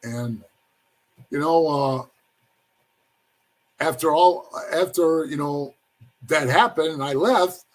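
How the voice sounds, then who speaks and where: A man's voice: fairly high pitch, takes it slowly, pauses often. A man telling a long story from his past in a casual interview, rambling and calling the listener "bro" as he acts out what others said. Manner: rambling, says "bro" often, acts out quoted voices. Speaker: former motorcycle club member telling his story.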